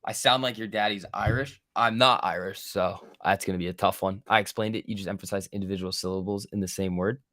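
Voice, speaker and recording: A man's voice: fairly low pitch, fairly even intonation, fairly quick, few pauses, fairly bright tone, dry recording, clean studio sound. A man hosting a live day-trading stream, giving casual, profane, joking commentary and bantering with his chat. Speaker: day trading livestream host.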